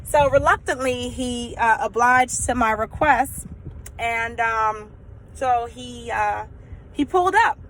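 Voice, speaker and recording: A young woman with a fairly high voice tells a personal story to her vlog audience. She talks in a casual, animated flow, leaning on lots of fillers as she goes. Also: slow pace, slight background noise, low-quality recording. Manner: chatty, animated, many fillers. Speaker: vlogger.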